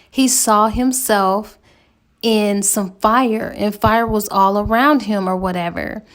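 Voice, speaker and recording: Woman, book reviewer, casual slangy storytelling, creaky voice, slow delivery. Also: mid-range voice. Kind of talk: casual spoken book recap.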